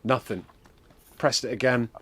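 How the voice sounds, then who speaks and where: A man's voice: mid-range voice, fairly even intonation, unhurried, a bit bright, breathy edge. A man hosting a game stream, rambling through a comic story, swearing and laughing as he goes. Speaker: stream host.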